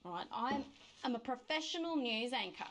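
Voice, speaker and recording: Megan Wolf, a sly taunting anchor. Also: female voice, medium pitch, animated, a little slow. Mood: fed up. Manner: sly, mocking, seductive. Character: scheming, taunting female news anchor. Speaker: news anchor. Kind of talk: game voice acting.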